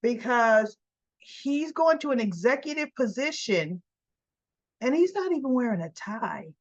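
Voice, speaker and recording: A woman's voice: a little high, lively intonation, unhurried, dull audio. Chatty woman recapping a soap. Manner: chatty, retells scenes and acts out the characters' lines. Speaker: soap opera recap host. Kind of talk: casual spoken episode recap.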